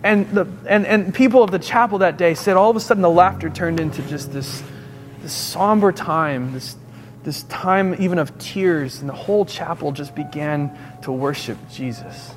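A man's voice: fairly high pitch, normal speed, slight background noise. A man in his thirties, a pastor preaching a sermon and telling a story, his voice rising in intensity as he goes.

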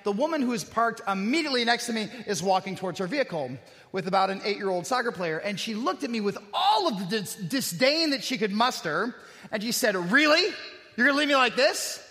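High, bright-voiced pastor in an echoing hall. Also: male voice, animated, a little fast. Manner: conversational, self-deprecating storytelling with rhetorical questions. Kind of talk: sermon with personal stories. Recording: echoey hall with long reverb.

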